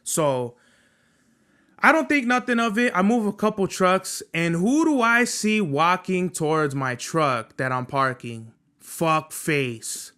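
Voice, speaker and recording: A young man hosting a podcast, telling a workplace story as a profane, animated rant full of street slang. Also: high voice, slow pace, clear, resonant tone. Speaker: podcast host.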